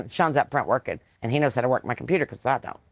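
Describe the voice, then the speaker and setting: A woman's voice: very deep voice, animated, quick pace, no room sound. A Southern woman hosting a casual livestream podcast, reading viewer comments in a blunt, profane, folksy preaching way on a porch, into a computer mic. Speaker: podcast host.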